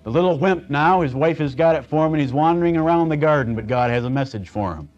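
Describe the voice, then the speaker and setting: On a dull lo-fi recording, a man preaches expository Bible teaching through a passage, pairing plain scripture reading with sarcastic, conversational asides. His voice is a little high and a little mellow, with lively intonation and a quick pace.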